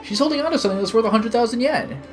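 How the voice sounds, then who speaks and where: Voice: lively intonation, very fast, faint music behind, close to an everyday voice. A streamer doing a whiny man about to cry. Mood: pleading. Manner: pleading, high-pitched and loud. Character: whiny grown man, near tears, pushy.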